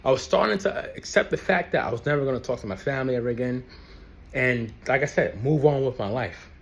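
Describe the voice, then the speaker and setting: A young man with a gravelly, mid-range voice talks fast as he rants to the camera about his family. He's an ex-Jehovah's Witness vlogger, and the heated personal rant is angry and profane, with lines repeated for emphasis.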